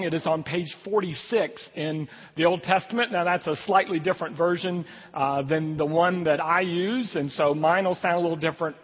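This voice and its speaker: Lively-pitched preacher in a reverberant church. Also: male voice, breathy edge. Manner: conversational preaching, lively rises and drops. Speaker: pastor. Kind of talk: sermon with scripture reading. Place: church sanctuary. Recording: long hall reverb, dull lo-fi sound.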